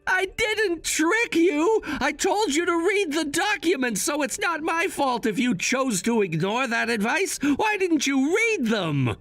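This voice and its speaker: A man acts out a firm young adult son who lays out his case coolly. His voice is high for a man and swings up and down a lot. It sounds dry and close, with faint music behind. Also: big pitch swings, measured pace, hardly any pauses, fairly bright tone, dry recording, full character voice. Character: cold, unbending adult son. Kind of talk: scripted drama voice-over.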